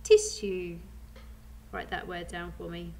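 A woman's voice: mid-range voice, takes it slowly, a little hiss or hum. A woman with a British accent teaching a phonics lesson to young children, patiently sounding out words letter by letter. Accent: British English. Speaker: primary school teacher.

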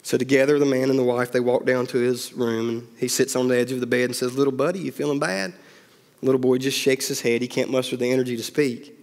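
A man's voice: mid-range voice, completely flat delivery, fast, few pauses, darkish tone, in a large hall. A male pastor telling a story as part of a sermon, acting out each character's lines.

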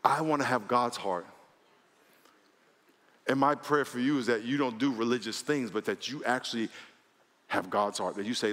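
A man preaching a sermon as pastor, animated, with lots of repetition and acted-out dialogue in a church. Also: medium pitch, moderate pace, pauses often. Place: large church hall. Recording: long hall reverb.

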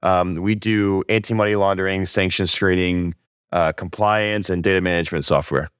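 A man's voice: low-pitched, fairly even intonation, normal speed, fairly bright tone, clear, resonant tone, no room sound, clean studio sound. A man, a podcast guest, introducing himself in an easygoing, plain-spoken way. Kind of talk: casual interview chat.

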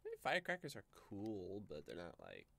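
A young man streams a game with rambling, self-mocking commentary. His voice is gravelly with fry and swings widely in pitch as he jokes along. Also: wildly swooping pitch, fairly quick, sharp tone. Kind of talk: casual gameplay commentary.

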